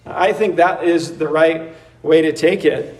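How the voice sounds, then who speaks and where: Man, pastor, sermon, high voice, casual, lively, heard from a little distance. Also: measured pace. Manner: conversational, animated, acts out voices with laughs. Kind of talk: expository sermon.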